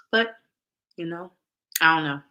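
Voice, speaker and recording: A woman with a deep, bright and forceful voice hosts a casual talk show. She addresses her viewers head-on, emphatically, repeating phrases to give them weight.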